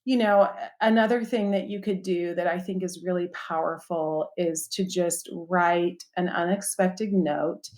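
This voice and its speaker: A woman's voice: lowish voice, fairly even intonation, a little slow, few pauses, darkish tone. A woman guest on a podcast, chatting casually and listing practical tips with lots of "um" and "you know". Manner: practical, upbeat, listing tips with many fillers. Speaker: guest author.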